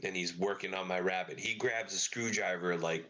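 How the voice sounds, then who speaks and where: A middle-aged man with a lowish voice talks as a podcast guest. His stories ramble along with plenty of "you know" and "like," peppered with curse words. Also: normal speed, fairly bright tone, slight background noise. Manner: swears freely, rambling anecdotes with lots of fillers. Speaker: podcast guest, car parts business owner. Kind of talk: casual storytelling interview.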